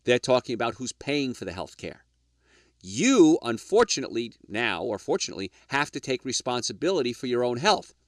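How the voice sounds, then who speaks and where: Emphatic, animated male radio health host. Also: medium pitch, brisk, dry recording, clean studio sound. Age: middle-aged or older. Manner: emphatic, preachy, rhetorical questions, addresses "folks". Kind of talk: lecture-style health radio talk.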